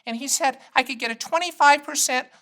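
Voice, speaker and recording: Guy doing his old mom's voice, eighty-something lady, high and soft, rambly and fussy. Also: a little fast. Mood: chatty. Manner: rambling, fussy, repeats herself. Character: chatty elderly mother in her eighties with an edge.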